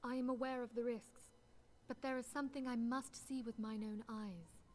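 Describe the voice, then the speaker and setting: An actress voicing a calm, earnest young woman leader in a game cutscene, speaking softly in formal, old-fashioned phrasing. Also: a little high, moderate pace, slight background noise, lightly acted. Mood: resolute. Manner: soft, formal and archaic. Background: game music.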